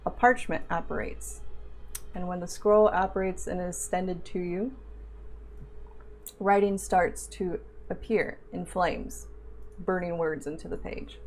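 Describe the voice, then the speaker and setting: A woman running a tabletop game as game master, narrating in a steady, self-described monotone voice. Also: lowish voice, a little slow, a little hiss or hum.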